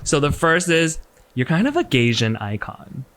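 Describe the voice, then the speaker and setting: A man's voice: fairly high pitch, huge pitch swings, normal speed, noisy background. A man co-hosting a podcast, chatty and teasing with his guest. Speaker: podcast co-host. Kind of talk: casual podcast chat.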